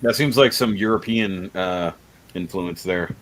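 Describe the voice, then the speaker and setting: A man's voice: deep voice, measured pace, fairly bright tone, rough recording. A man hosting a casual livestream chat, rambling and laughing often. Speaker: livestream host.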